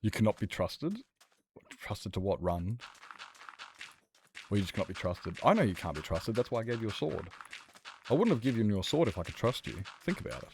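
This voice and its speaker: A man's voice: lowish voice, very animated, brisk, pauses often, a little mellow, slight background noise. A young man streaming a game, chatting casually and telling stories in a rambling, swearing way. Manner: rambling, profane storytelling. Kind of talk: casual chat while gaming.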